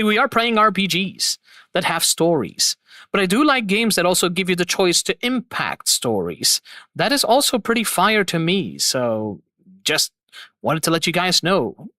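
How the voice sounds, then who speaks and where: In a clean, dry studio recording, a live-stream host's high voice comes across pushed and bright. Enthusiastic and rambling, he talks to chat about voice acting and games in a casual way.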